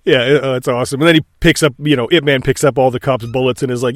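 A man co-hosting a casual film discussion, animated and quick to act out lines from scenes. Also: medium pitch, no echo, studio quality. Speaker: podcast co-host.

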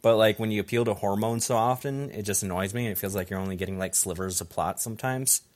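A man's voice: lowish voice, quick pace. A young man hosting a casual comedy podcast, reading a jokey episode recap with asides to his friends. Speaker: podcast host summarizing anime episodes.

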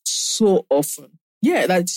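A woman co-hosts a podcast in relaxed, chatty talk. She tells stories animatedly and laughs often. The sound is dry and close. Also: on the low side, slow pace, no room sound. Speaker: podcast co-host. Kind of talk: casual chat.

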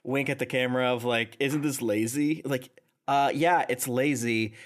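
A man co-hosts a casual podcast and reacts to anime episodes with enthusiasm. His voice sits at a middle pitch. He laughs easily and acts out lines in character voices. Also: steady tone, normal speed. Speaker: podcast co-host.

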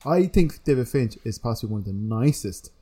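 Bloke on a podcast, mellow warm voice, jokey and rambling. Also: male voice, medium pitch, animated, a little fast, breathy edge. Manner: chatty, jokey, trails off and restarts. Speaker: podcast co-host. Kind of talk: casual chat.

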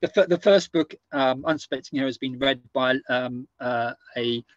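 A man's voice: medium pitch, moderate pace, no room sound. A man speaking as a guest author in an interview, hesitant and full of restarts. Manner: hesitant, many restarts and fillers. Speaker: guest, author and former army officer. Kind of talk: conversational interview. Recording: dull, dry, lo-fi sound.

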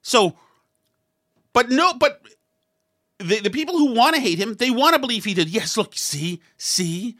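Rambling opinion-show commentator, sarcastic, bright tone. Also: medium pitch, expressive, measured pace, long pauses. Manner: rambling, sarcastic, mimics others in quotes; frequent restarts and asides.

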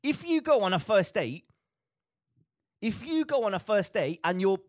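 A man co-hosting a casual podcast, talking in an animated, exasperated rant. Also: high voice, moderate pace, dry recording, clean studio sound. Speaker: podcast co-host.

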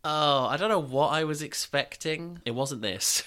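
A man's voice: a little high, measured pace, sharp tone. A man co-hosting a comedy podcast, dry and mocking, laughing often. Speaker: podcast co-host. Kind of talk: casual comedic chat about songs.

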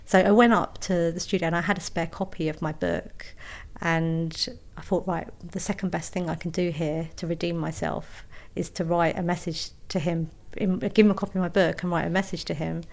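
Chatty woman with a low voice. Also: steady tone, a little fast, creaky, few pauses. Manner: chatty, self-deprecating, many restarts and fillers. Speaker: author guest. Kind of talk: casual storytelling interview.

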